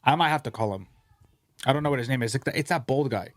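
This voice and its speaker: Profane, animated man hosting a podcast. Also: mid-range voice, fast talker. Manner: animated, profane, rambling storyteller. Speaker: podcast host. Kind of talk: casual podcast chat. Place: podcast studio.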